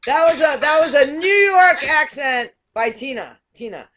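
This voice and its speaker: A woman's voice: sits high, expressive, normal speed, a bit bright. An American woman hosting a casual video call chat, hesitant with many ums and frequent laughs. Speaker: show host.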